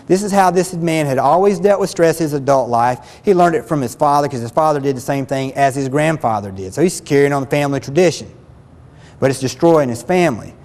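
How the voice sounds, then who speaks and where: A man's voice: a little high, brisk, a little mellow, long reverb tail. A man giving a spoken self-help lesson as a relationship counselor, earnest and plain-spoken, often repeating himself.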